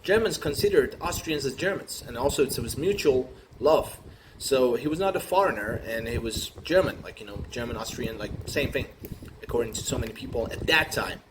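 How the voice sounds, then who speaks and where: A man riffing through an improvised comic monologue, rambling and halting with many fillers and restarts. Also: medium pitch, lively intonation. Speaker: comedian. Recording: noisy recording with room ambience.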